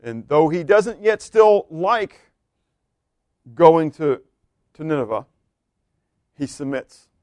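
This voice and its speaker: A man's voice: fairly high pitch, sing-song, slow, pauses often, darkish tone, dry recording. A man preaching a sermon in a loose, conversational way, asking the congregation questions and laughing now and then. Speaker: pastor.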